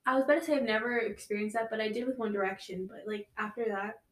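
A woman's voice: fairly high pitch, fast talker. A young adult woman co-hosting a podcast, teasing her friends in a playful, casual chat. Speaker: podcast co-host.

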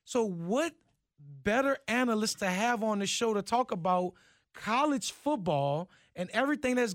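A man's voice: high-pitched, dry recording, studio quality. A man with a Cajun accent hosting a sports talk show, who talks in a casual, hyped way and stumbles over words.

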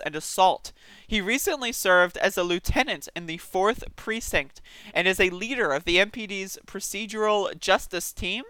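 A man's voice: sits high, pushed and bright, smooth, dry recording. A man giving casual, sarcastic news commentary, reading articles aloud and reacting with disbelief. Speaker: political commentary streamer.

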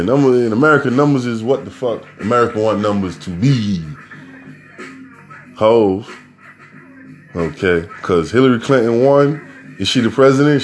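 Low-ish voiced guy ranting and cussing on his podcast, rambly news riffs, faint music behind. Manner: brash, rambling, swearing freely. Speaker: podcast host. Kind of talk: profane news commentary podcast.

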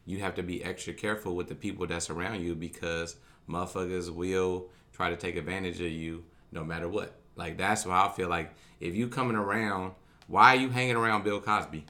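A man's voice: low voice, steady tone, brisk, sharp tone. A man co-hosting a casual chat, profane, rambling and argumentative. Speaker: podcast co-host.

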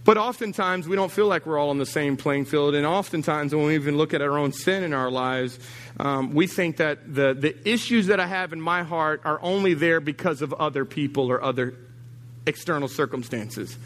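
A middle-aged man preaching a sermon as a pastor, teasing and animated, dropping low and quiet, then rising high and emphatic. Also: moderate pace, big-room sound.

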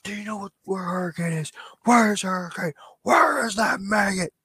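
Brief: a man playing an enraged drill sergeant yelling high and loud at everyone. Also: normal speed, husky, dry recording, heavily acted. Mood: furious yelling. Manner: high barking shouts.

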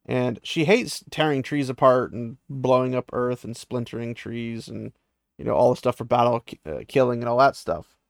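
A man with a gravelly, creaky voice rambles through a fantasy book recap, full of "like" and "um". The sound is dry and close, with no room around it. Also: medium pitch, moderate pace, dry recording. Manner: rambling, many fillers and restarts.

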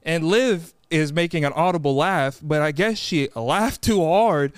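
A man's voice: a little high, a little slow, clean tone, no room sound, clean studio sound. A young man co-hosting a podcast, joking playfully and poking fun at himself. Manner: playful, self-mocking. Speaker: podcast co-host. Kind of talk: casual podcast banter.

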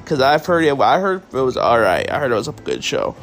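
A tired man hosting a solo podcast, talking loosely and rambling straight to his listeners, with a bit of swearing thrown in. His voice sits at an ordinary middle pitch. Faint music plays quietly behind him. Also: sing-song, brisk, creaky, few pauses. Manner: casual, rambling, swears, addresses listeners as guys. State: tired, yawning. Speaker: podcast host. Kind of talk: solo wrestling review podcast.

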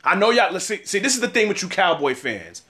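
A man's voice: high-pitched, very animated, fairly quick, bright, forceful tone. A man in his thirties giving a casual sports opinion segment, trash-talking rival fans with lots of repetition. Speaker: sports commentator.

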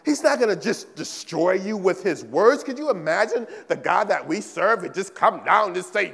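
Male pastor, high voice, emphatic sermon, repeats key phrases, long church reverb. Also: expressive, moderate pace, vocal fry, hardly any pauses, fairly bright tone, husky. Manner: emphatic preaching, repeats phrases, asks "right?" often. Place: church sanctuary.

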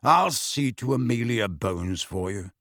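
A man's voice: high-pitched, huge pitch swings, slow pace, gravelly, pushed and bright, slightly rough, dry recording, studio quality, pitched above the performer's own voice, full character voice. A man reading an audiobook voices a grim, abrupt man, protective and stern. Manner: abrupt and clipped.

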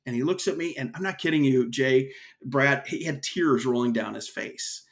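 A man's voice: mid-range voice, normal speed. A man speaking as a guest on an interview podcast, earnest and storytelling, often restarting his sentences. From United States. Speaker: guest, association executive.

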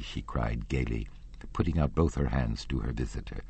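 Male audiobook narrator, very deep husky voice, expressive, unhurried. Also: no room sound. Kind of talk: scripted narration.

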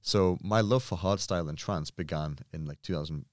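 A young man, a podcast guest, telling animated stories in casual chat, full of fillers and swearing. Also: low-pitched, moderate pace, no echo, clean studio sound. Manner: animated storyteller, swears freely, many fillers. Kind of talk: casual storytelling.

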